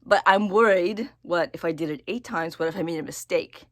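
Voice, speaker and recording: A woman talking casually to camera in a personal vlog, halting and repeating her words as she thinks aloud. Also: fairly low pitch, no room sound, studio quality. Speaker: vlogger.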